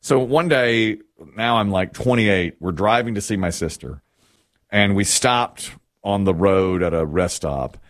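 A man's voice: lowish voice, measured pace, no echo, studio quality. A middle-aged man hosting a show, chatting casually and telling rambling stories. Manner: chatty, rambling, with restarts and storytelling. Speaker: radio show host. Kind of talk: casual on-air chat.

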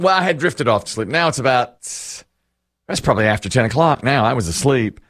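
A middle-aged man hosting a casual chat, telling stories in an animated, self-mocking way. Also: mid-range voice, no echo, studio quality. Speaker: host.

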